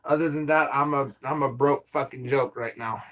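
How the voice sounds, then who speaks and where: A man's voice: mid-range voice, fairly even intonation, moderate pace. A young man streaming live, chatting casually and venting with lots of swearing and rambling asides.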